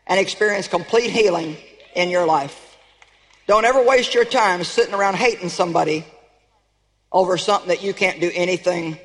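A woman preacher giving an emphatic sermon, calling out to her audience with rhetorical questions. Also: medium pitch. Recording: long reverb of a large hall.

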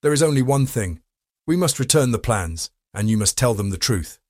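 A man's voice: mid-range voice, lively intonation, moderate pace, a little mellow, no echo, clean studio sound, natural voice. A man doing a trembling, frightened woman. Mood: fearful. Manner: trembling, pleading. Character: frightened scheming woman, a suspect's wife. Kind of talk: audiobook reading.

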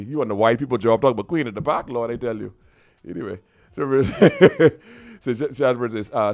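A man's voice: mid-range voice, very animated, normal speed. A man hosting a radio show in casual, playful banter, laughing often and slipping into local dialect. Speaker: radio host. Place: radio studio.

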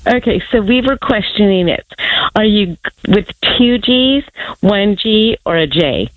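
A woman's voice: medium pitch, expressive, unhurried, no echo, low-quality recording. A woman co-hosting a radio show, asking bubbly, hesitant questions in comedic banter.

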